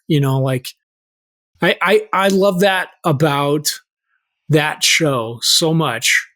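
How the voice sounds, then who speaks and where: A man's voice: a little high, slow, a bit bright. A middle-aged man in casual chat as podcast co-host, talking earnestly and searching for his words.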